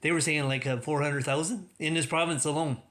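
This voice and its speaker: A livestream host talks in a rambling, casual way, restarting often and laughing at his own jokes. His voice is a little high, steady, brisk, and fairly bright.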